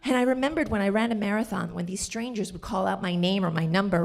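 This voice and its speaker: A woman from the Bronx telling a personal story at a live storytelling show, animated, with sharp jumps up in pitch when she quotes people. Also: quick pace, vocal fry, few pauses. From the Bronx, New York.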